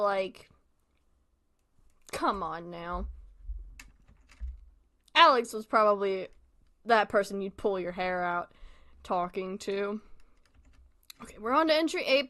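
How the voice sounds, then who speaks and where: A woman's voice: fairly high pitch, a bit bright. A woman hosting a live stream, chatting casually, giggling and apologizing a lot as she comments on videos. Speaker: stream host.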